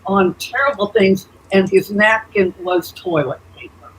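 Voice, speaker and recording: A woman's voice: medium pitch, measured pace, a little hiss or hum, low-quality recording. An elderly woman storyteller chatting casually on a video call, telling anecdotes with many "uh"s and "you know"s. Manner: warm anecdotal, chuckling asides, frequent "uh" and "you know". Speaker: storyteller guest.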